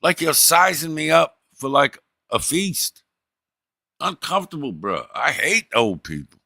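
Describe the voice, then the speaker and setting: A middle-aged man streaming, telling a story in a profane, animated way and acting out the people in it. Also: fairly high pitch, a little slow, gravelly, dry recording, studio quality. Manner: profane, animated, acts out the people in his stories. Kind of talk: casual storytelling.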